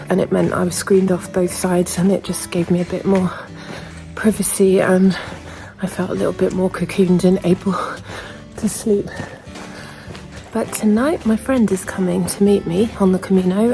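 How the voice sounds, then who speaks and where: A young woman talking casually to her camera as she walks, chatty and candid, with quick asides. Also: mid-range voice, dark tone, poor audio. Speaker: vlogger. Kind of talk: casual travel vlog narration.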